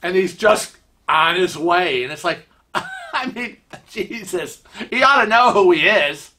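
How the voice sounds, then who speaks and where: A man's voice: sits high, wildly swooping pitch, takes it slowly, sharp tone, slight background noise. A man hosting a show, telling funny stories in a chatty way and laughing along. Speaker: host. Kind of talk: casual storytelling.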